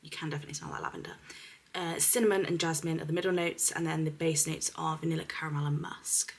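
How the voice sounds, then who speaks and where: A young woman from the UK, a beauty vlogger, chatting casually to camera about perfumes, giggly and dropping into soft whispers. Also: low voice, fairly even intonation, fast, creaky. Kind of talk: casual fragrance review to camera.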